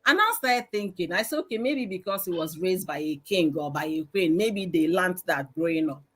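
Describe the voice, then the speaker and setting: A middle-aged woman with a Nigerian accent, telling stories loudly and with emphasis on a live-streamed panel discussion. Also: fairly low pitch, lively intonation, moderate pace, husky. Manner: loud, emphatic, storytelling. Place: live stream video call.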